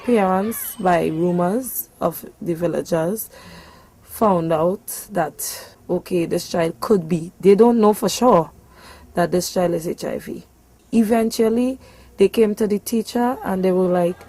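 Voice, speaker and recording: A woman's voice: on the low side, a little slow, dark tone, a little hiss or hum, low-quality recording. A young woman with a Trinidadian accent, speaking as a mother in a documentary interview, telling her story in an earnest, heartfelt way. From Trinidad and Tobago.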